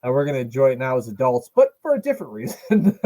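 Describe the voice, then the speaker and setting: Man, podcast co-host, casual chat, joking, swears, mellow voice. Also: mid-range voice, huge pitch swings, fast talker. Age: adult, watched as a child in 1995. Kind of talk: casual chat watching wrestling.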